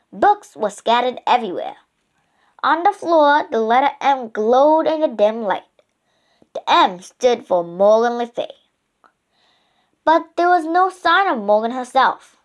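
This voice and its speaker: A woman narrating a children's storybook in a slow, expressive reading voice. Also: high voice.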